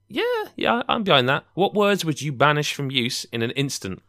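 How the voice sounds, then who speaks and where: Young man, English accent, podcast host, casual chat, crisp bright tone. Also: medium pitch, sing-song, moderate pace, dry recording, studio quality. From England. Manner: chatty, rambling, jokey asides.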